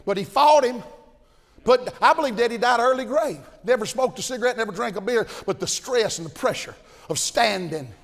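An older man preaching a fiery sermon, folksy and impassioned, swinging from shouts to low asides. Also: lively intonation, brisk, gravelly. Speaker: pastor. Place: large church auditorium at a conference. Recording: long reverb of a big hall.

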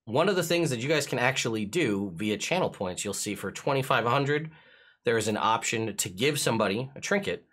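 A man acting as game master for a streamed tabletop game, explaining rules in an excitable, chuckling way. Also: medium pitch, a little fast.

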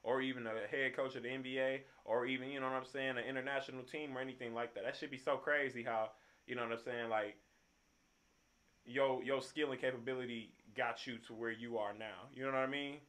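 A man's voice: medium pitch, steady tone, a little fast, fairly bright tone. A young man hosting a music reaction video, talking loosely in with lots of slang and fillers. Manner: laid-back, loose slang and frequent fillers. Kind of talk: casual reaction commentary.

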